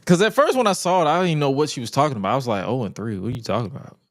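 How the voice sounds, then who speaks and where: A man co-hosting a casual wrestling podcast, wry and joking, acting out quotes in a lower voice. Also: animated, very fast, dry recording, studio quality. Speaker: podcast co-host. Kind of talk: casual chat.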